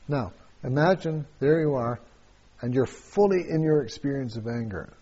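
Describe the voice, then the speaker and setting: A man, a meditation teacher, answers questions at a retreat in a halting way, with many fillers and restarts and frequent chuckles. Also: mid-range voice, lively intonation, dark tone, slightly rough, lo-fi sound.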